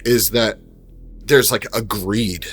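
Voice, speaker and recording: A man's voice: on the low side, steady tone, takes it slowly, a bit bright. A man narrating as game master, explaining rules and scenes in a rambling, easygoing way. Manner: rambling, explanatory, many fillers.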